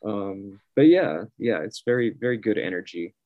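Guy telling stories on a podcast, kinda low voice, super dry sound, laughs a lot. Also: normal speed, dry recording, muffled recording. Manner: animated, laughs often, acts out other people's voices. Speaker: guest artist. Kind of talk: casual storytelling.

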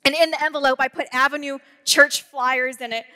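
Lady pastor preaching, high bright voice, big church reverb. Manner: animated storytelling with quick asides and humor. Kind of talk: sermon. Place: church auditorium. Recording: long hall reverb.

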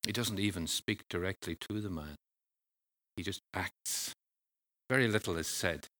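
A man preaching a sermon in a measured, earnest way, pausing and sometimes restarting phrases. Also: deep voice, fairly bright tone.

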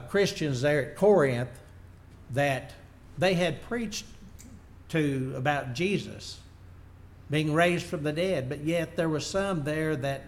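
A man preaching a sermon, reading Bible verses aloud and then explaining them in plain words. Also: fairly high pitch. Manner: unpolished, working slides as he goes.

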